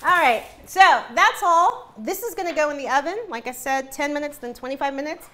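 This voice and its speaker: A woman's voice: high voice, lively intonation, brisk, bright, forceful tone. A woman hosting a live cooking demonstration, chatty and giggly. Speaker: cooking show host.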